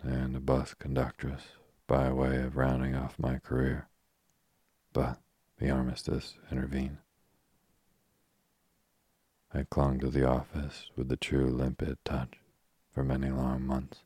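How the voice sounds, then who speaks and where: A man's voice: rumbling low, completely flat delivery, mellow, husky, no echo, studio quality, heavily acted. A man reading the lines of a frank, spirited young woman who is restless and short of money, in a chatty, blunt manner. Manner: chatty and blunt, quick to exclaim.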